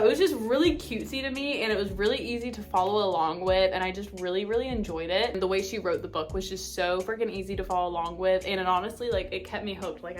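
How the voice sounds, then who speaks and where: A young woman in her twenties chatting casually about books she read, gushing and talking faster as she gets excited. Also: mid-range voice. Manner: bubbly, gushing, full of fillers; speeds up when excited. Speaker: book vlogger. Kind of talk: casual chat.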